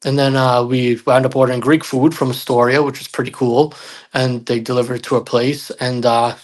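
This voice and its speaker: A man's voice: medium pitch, level tone, fairly quick. A man telling a personal story on a podcast as a guest, in a loose, rambling way, acting out what people said and filling gaps with "uh" and "like.". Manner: rambling, acts out quoted dialogue with many fillers. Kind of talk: casual storytelling.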